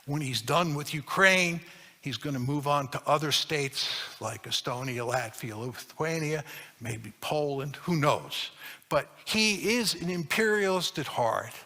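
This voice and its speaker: A man's voice: fairly high pitch, measured pace, bright, forceful tone, in a large hall. A man giving a public lecture, arguing his points emphatically and repeating key phrases for stress.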